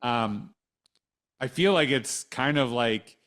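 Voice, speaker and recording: A man's voice: mid-range voice, slow, fairly bright tone. A man hosting a podcast interview in a casual, conversational way, rambling through restarts and dropping dry sarcastic asides. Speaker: podcast host.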